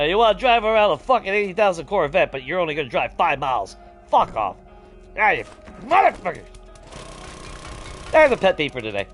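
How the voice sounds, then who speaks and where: A man, talking casually while he plays, ranting with heavy swearing. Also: high-pitched. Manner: profane, animated ranting with laughs. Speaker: gaming streamer. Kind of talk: casual ranting chat over gameplay.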